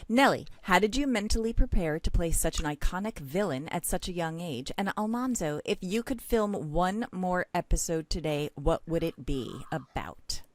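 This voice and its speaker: A woman's voice: lowish voice, lively intonation, moderate pace, hardly any pauses, no echo. A woman hosting a podcast, reading out listener questions in an upbeat, encouraging way. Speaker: podcast host.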